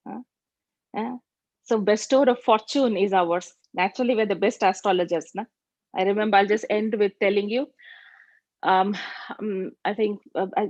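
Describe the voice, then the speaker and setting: A woman's voice: mid-range voice, a little mellow, dry recording. A woman giving a spiritual talk, telling anecdotes in a conversational way with rhetorical asides. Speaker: spiritual teacher. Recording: dull, dry recording.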